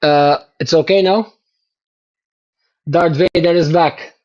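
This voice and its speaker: A man with a fairly high voice chats to his livestream viewers at an unhurried pace. He keeps breaking into excited exclamations. The audio is dull and lo-fi. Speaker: streamer reviewing his race results. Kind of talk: casual livestream chat.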